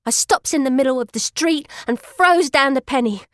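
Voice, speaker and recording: A woman's voice: high voice, normal speed, few pauses, a bit bright, dry recording, clean studio sound. A woman narrating an audiobook in first person, in an emotional street-kid voice.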